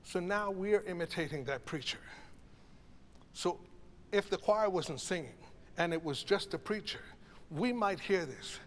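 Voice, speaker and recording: A man's voice: sits high, unhurried, long pauses. A man conducting a choral masterclass, coaching singers in an encouraging, reflective way. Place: rehearsal hall with a choir. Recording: reverberant hall, faint ambience.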